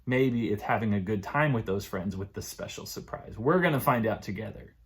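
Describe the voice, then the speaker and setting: A man's voice: fairly low pitch, fairly quick. A male children's librarian leading a story time, playful and sing-song as he talks to little kids.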